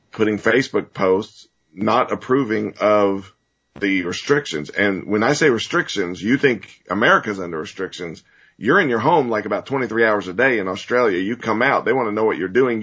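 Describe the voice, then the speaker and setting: A man hosting an interview in a low, husky voice. He talks excitably, breaking into exclamations. The audio is muffled and lo-fi. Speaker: host. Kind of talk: talk show interview.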